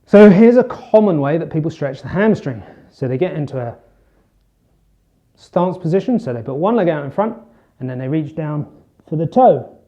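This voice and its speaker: A man with a slightly high, mellow voice coaches viewers through stretches in a relaxed, chatty way. He talks as he demonstrates each move. The recording sounds dull and lo-fi. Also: normal speed. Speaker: fitness coach. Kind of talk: instructional demonstration.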